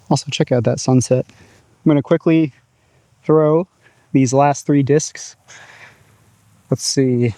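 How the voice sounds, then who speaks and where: A man's voice: on the high side, warm tone, no echo. A man casually talking through his disc golf throws in an open field, upbeat and chatty. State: out of breath at times. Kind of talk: casual outdoor vlog commentary.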